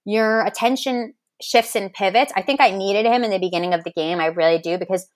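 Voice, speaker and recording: A woman's voice: mid-range voice, brisk, no echo. A woman guest on a podcast, telling stories animatedly in casual chat, acting out quotes and swearing freely. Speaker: podcast guest, reality show contestant.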